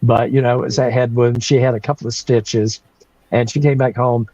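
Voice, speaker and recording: A man in his sixties from North Carolina, a guest telling a childhood story in a casual, animated way, with frequent laughs and restarts. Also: mid-range voice, moderate pace, dry recording, lo-fi sound. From North Carolina, USA.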